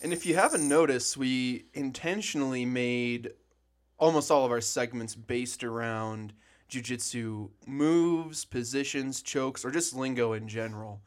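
A man co-hosting a podcast, easygoing and quick to laugh, with a dry sense of humor, in a small office. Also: medium pitch. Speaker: podcast co-host. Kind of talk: casual chat.

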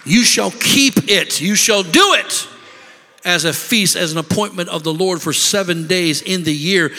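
A man preaching a sermon as pastor, moving from measured scripture reading to shouted calls for the congregation to rejoice. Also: high voice. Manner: builds from measured teaching to shouted exhortation. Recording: long hall reverb.

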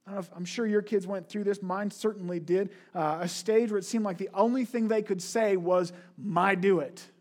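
High-voiced man preaching a sermon. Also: fairly even intonation, a little fast, hardly any pauses, dark tone. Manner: earnest preaching with rhetorical questions. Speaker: pastor.

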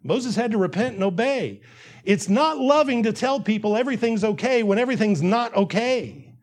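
A man's voice: high-pitched, lively intonation, normal speed. A man preaching a sermon, earnest, repeating phrases and acting out the quotes he reads.

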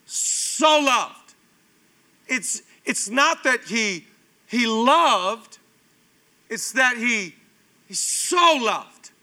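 Animated, bright-voiced male pastor. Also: extremely high pitch, very slow, long pauses. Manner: animated, conversational preaching with repetition. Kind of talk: sermon. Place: church auditorium.

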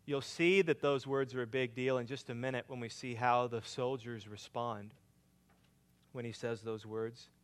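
A man preaching a sermon, swinging between loud emphatic lines and quiet hushed ones. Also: mid-range voice, steady tone, normal speed. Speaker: pastor.

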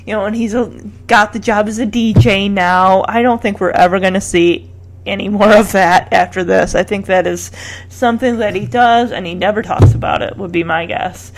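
A woman's voice: medium pitch, steady tone, moderate pace. A woman recapping a TV episode in a chatty, opinionated and exasperated way. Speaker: TV recap vlogger.

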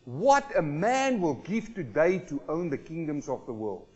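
A male preacher delivering a sermon in a church, his fairly high voice dropping to hushed asides and then rising to loud exclamations. He keeps asking the congregation questions and calls for their answers. The recording sounds dull and lo-fi, with faint music underneath. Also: animated, normal speed.

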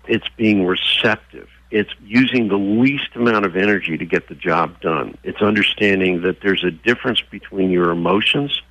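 Brief: man guest, very low voice with a bright, forceful tone, dry close sound, lively storyteller. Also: creaky, no room sound, lo-fi sound. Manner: animated storyteller who acts out voices. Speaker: guest, author. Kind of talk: interview conversation with storytelling.

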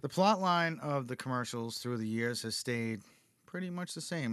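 A man's voice: medium pitch, lively intonation, normal speed, a bit bright, smooth, dry recording. A male podcast host casually reading cereal history from notes, cracking jokes and laughing often. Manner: jokey, laughs often, reads notes aloud.

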